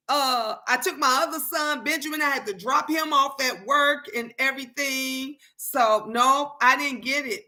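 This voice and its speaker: A middle-aged woman hosting a tarot live stream, chatting casually and answering viewers' comments in a lively way. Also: high-pitched.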